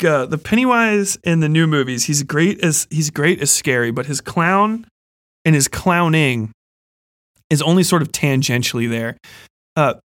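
A man's voice: a little high, fairly bright tone, dry recording, studio quality. A young man hosting a casual horror review chat, rambling, swearing a lot and laughing often. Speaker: podcast host.

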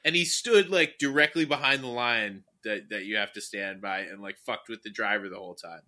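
A young man in his twenties chatting casually, loose and profane, and excitable when telling a story. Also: lowish voice, a little fast. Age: young adult.

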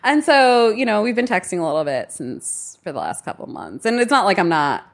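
Thirties woman, podcast guest, lively pitch, giggly storyteller who mimics people. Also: a little fast, creaky. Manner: giggly, animated, quotes others in raised voice. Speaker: podcast guest, romance author. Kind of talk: casual storytelling chat.

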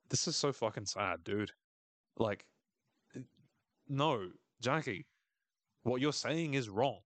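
A man's voice: mid-range voice, fairly bright tone, no echo. A man hosting a podcast, recapping a TV episode in a casual, irreverent way, swearing and laughing often. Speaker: podcast host.

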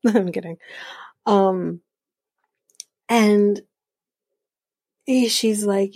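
A woman's voice: mid-range voice, takes it slowly, long pauses, a little mellow, no echo, studio quality. A woman hosting a podcast, recapping a show in snarky casual chat, swearing and acting out quotes. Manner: snarky, swears, laughs often, acts out quotes. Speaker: podcast host.

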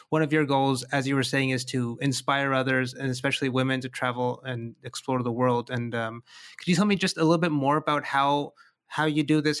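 Guy hosting a podcast interview, mid pitch, lots of restarts and uhs. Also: a bit bright, clear, resonant tone. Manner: halting, many restarts and fillers. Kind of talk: casual interview questions.

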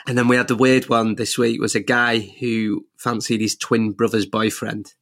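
A young man talks in a relaxed, chatty way, breaking into laughs often. His voice sits at an ordinary middle pitch for a man, and he sounds easygoing throughout. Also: moderate pace. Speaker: podcast host and radio presenter. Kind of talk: casual interview chat.

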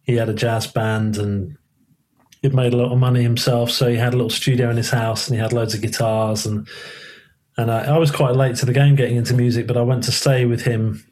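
A man's voice: medium pitch, level tone, a little fast, a little mellow. A man with a Southern English accent and slight Liverpool traces, chatting casually as a guest and telling stories, swearing now and then. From England, born in Liverpool, raised in London. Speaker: guest musician. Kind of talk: casual conversation.

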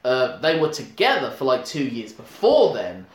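A man's voice: mid-range voice, huge pitch swings, moderate pace. A man co-hosting a podcast, chatting casually about a film, rambling with lots of restarts and laughs. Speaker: podcast co-host. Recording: echoey room.

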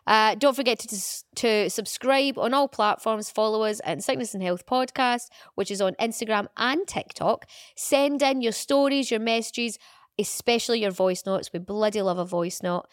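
A woman's voice: on the high side, moderate pace, no room sound, clean studio sound. A woman co-hosting a podcast in frank, casual chat, swearing freely while unwell with a lingering cough. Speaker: podcast co-host.

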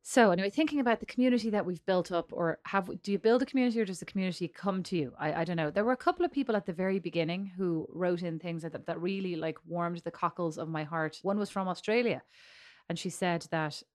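Irish lady cohosting a podcast, kinda low voice, teasing, rambly, laughs a lot. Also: quick pace, a little mellow. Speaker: podcast co-host. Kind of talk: casual chat.

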